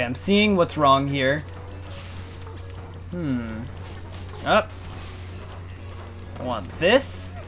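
A man with a bright, somewhat high voice gives let's play commentary into a desk mic. He keeps up a running stream of talk to himself and his viewers, breaking into panicky yelps and swearing, with faint game music underneath. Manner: excitable, panicky outbursts and cursing while playing. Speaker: gaming channel host.

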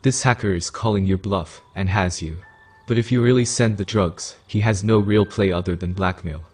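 Brief: male reader doing a cocky teen girl hacker, snarky and teasing, read in his own deep voice. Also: moderate pace, a little mellow.

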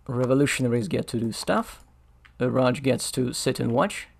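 Guy doing a solo board game playthrough, thinking out loud, bit of vocal fry, mid pitch. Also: normal speed. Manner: thinking aloud, muttering over rules.

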